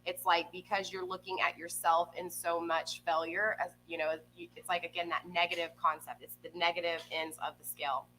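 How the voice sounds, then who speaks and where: Tarot reader, woman, chatty with viewers, low-set voice with a bright edge. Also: little pitch movement, fairly quick, few pauses, a little hiss or hum, rough recording. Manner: chatty, keeps checking in with "okay?" and "right?". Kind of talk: live tarot reading to viewers. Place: home room with a pet nearby. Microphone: desk microphone.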